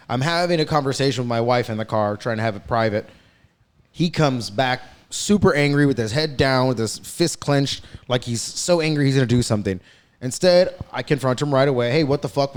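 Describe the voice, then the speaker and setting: Man ranting profanely. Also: medium pitch. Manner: profane, heated storytelling with quick bursts. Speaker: podcast host. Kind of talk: casual ranting chat.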